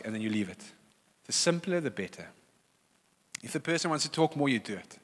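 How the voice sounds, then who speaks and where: A man's voice: mid-range voice, very animated, brisk. A middle-aged male pastor preaching a sermon, emphatic and repeating key phrases for weight. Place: church hall. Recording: church hall reverb.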